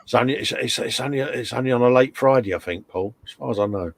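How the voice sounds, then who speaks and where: A man with a mid-range, creaky voice speaks at a quick pace while hosting a casual live stream. He's chatty, reads chat messages aloud, greets viewers, and laughs often.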